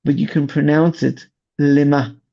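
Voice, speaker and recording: A man who commands rescue volunteers, telling his story slowly in an interview and searching for his words. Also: medium pitch, fairly even intonation, gravelly. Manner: slow, searching storytelling with restarts. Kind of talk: interview testimony. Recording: dull lo-fi audio.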